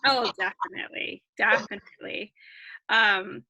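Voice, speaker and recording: A woman's voice: medium pitch, steady tone, a little slow, creaky, bright, forceful tone, no room sound, highs cut off. A woman co-hosting a podcast, chatting casually and eagerly with lots of fillers. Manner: enthusiastic, many fillers. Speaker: podcast co-host. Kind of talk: casual chat.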